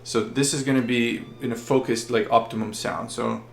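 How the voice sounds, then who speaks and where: A man's voice: medium pitch, steady tone, moderate pace, gravelly, loud music behind the voice. A man teaching violin technique, explaining patiently with frequent fillers. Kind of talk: instructional explanation. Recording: roomy echo.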